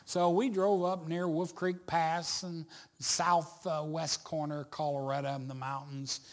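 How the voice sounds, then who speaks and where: Slow-talking preacher man telling stories. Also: fairly high pitch, flat delivery. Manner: storytelling, rising to loud emphatic preaching. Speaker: pastor. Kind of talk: sermon.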